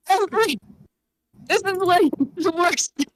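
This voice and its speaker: A woman's voice: very high-pitched, slow. A young woman in her twenties roleplaying a drunk, slurring, swearing character at a tabletop game.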